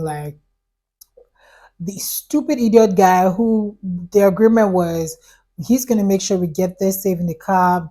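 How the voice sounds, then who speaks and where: A young woman vlogger telling an animated, exasperated storytime, quoting everyone in the story and saying "like" often. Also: medium pitch, poor audio. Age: young adult. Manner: animated, exasperated storytelling with quoted dialogue and frequent "like". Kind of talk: storytime vlog.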